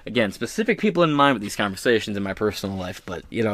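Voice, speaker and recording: A man's voice: mid-range voice, sing-song, fast, hardly any pauses, a bit bright, no room sound. A man hosting a podcast, ranting in crude, profane, sarcastic political commentary into a close mic. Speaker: podcast host.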